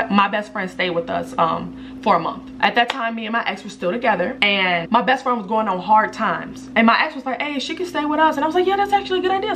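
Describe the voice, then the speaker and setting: A young woman vlogging to camera, telling a personal story bluntly, her voice rising when she quotes people and dropping low and quiet when she confides. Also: a little hiss or hum. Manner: blunt and direct, swinging between raised animated quotes and low quiet confiding.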